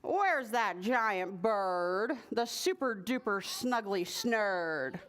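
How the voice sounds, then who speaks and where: A woman's voice: fairly high pitch, wildly swooping pitch, drawn-out words, fairly bright tone, heavily acted. A woman voicing a lanky, bumbling male thief in a storybook read-aloud. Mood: greedy.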